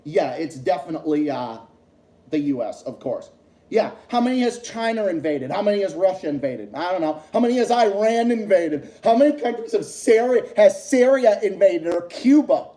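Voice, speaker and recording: Male streamer, high voice with a dark, mellow tone, swears and repeats himself as he rants in an echoey room. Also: very animated, moderate pace. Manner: profane, repetitive, heated ranting. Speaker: livestream host. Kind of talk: heated political rant on a livestream.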